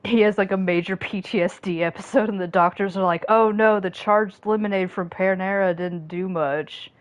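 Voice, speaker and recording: A woman's voice: medium pitch, steady tone, normal speed, muffled recording. Joking, profane woman streamer. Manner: joking, profane, acts out characters' reactions. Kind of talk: casual gameplay commentary.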